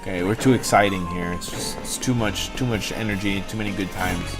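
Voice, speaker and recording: A young man chats loosely on his livestream, rambling from one joke to the next and swearing freely. His voice sits a bit low. Faint music plays behind him. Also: steady tone, a little fast. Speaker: livestream host. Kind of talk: casual chat to stream chat.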